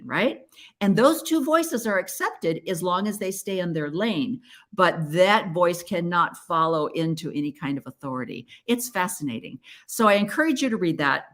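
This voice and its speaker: Chatty woman podcast host, lowish voice. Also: fairly bright tone. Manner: chatty, earnest, encouraging. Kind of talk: casual solo podcast talk.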